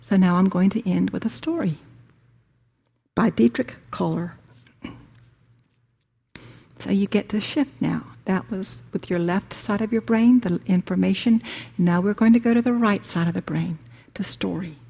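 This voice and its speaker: A woman teaching a spiritual workshop, speaking deliberately with emphatic repetition. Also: medium pitch, vocal fry, mellow, slightly rough.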